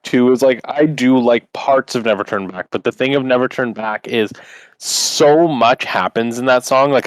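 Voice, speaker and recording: A man's voice: medium pitch, no echo. A man co-hosting a podcast in casual chat, running the bracket and arguing his opinions with lots of "like".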